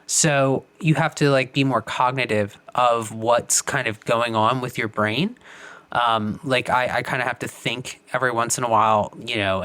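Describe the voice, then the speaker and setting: A man hosting a podcast, asking long, meandering questions and pausing on many "um"s. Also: mid-range voice, a bit bright. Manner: meandering, searching for words with many "um"s. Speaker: podcast host. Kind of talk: casual interview questions.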